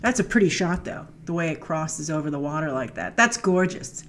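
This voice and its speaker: Deep-voiced and expressive at a normal pace, a woman hosts casual commentary over a film trailer. She keeps it playful and chatty, wandering into asides as she thinks out loud.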